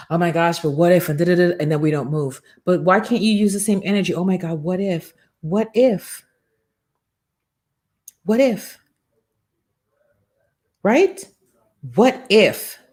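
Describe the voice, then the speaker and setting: A middle-aged woman hosting a morning livestream show, giving an energetic, preachy motivational talk and acting out little quoted exchanges. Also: lowish voice.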